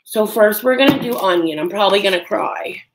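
A woman's voice: medium pitch, fairly quick, a little hiss or hum, low-quality recording. A woman chatting casually on a livestream while she cooks in her home kitchen, nervous and self-deprecating, with sudden yelps. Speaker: livestream cooking host.

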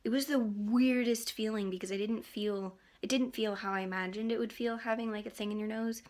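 A woman's voice: fairly high pitch, fairly even intonation, a little fast, a little mellow. A teenage girl vlogging in casual chat, rambling and giggling with lots of likes and ums, keeping her face still as she talks. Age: teens.

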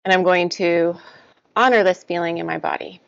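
A woman guiding an EFT tapping session, repeating short first-person statements about stress in a steady rhythm. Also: on the low side, normal speed, creaky, no room sound. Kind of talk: guided tapping, spoken affirmations. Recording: dull lo-fi sound, dry.

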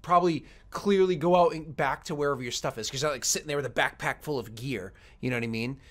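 Male game master, rambling casual narration, fairly high voice. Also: fast talker, fairly bright tone. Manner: loose, rambling narration with fillers.

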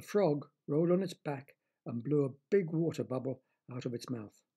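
Gravelly man reading a children's story. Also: on the high side, moderate pace. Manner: gentle, chatty, talks directly to children. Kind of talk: bedtime story narration for children.

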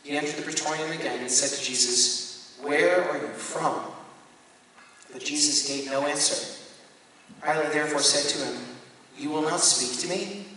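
A priest reads scripture aloud in a slow, deliberate way. His voice is bright and carries some force, and it is heard from a distance. It echoes through a large, reverberant hall with faint noise in the room. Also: a little high, fairly even intonation. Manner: measured, deliberate reading with occasional self-corrections. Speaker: Catholic priest leading a Bible study. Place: parish hall or church room.

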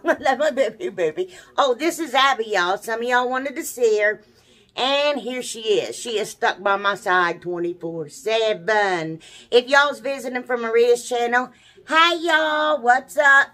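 A woman's voice: fairly high pitch, sharp tone. A woman hosting a casual crafting tutorial, chatty and folksy, her voice a little froggy from allergies. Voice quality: chatty, folksy, many "anyway"s and "y'all"s. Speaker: craft channel host.

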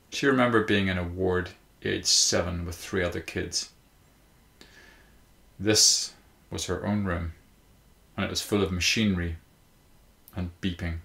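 A man narrating a short story in a measured, even storytelling manner. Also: low voice, creaky. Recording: roomy echo.

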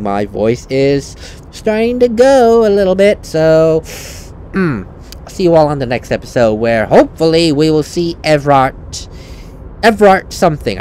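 A man's voice: medium pitch, a little mellow, slight background noise. Chatty, self-correcting male gaming host. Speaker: let's play host. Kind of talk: casual gaming commentary.

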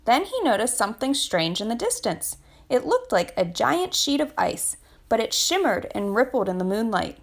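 Woman reading aloud, children's storytime, lilting, very expressive, fairly high voice. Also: normal speed, vocal fry. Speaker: family literacy program storyteller.

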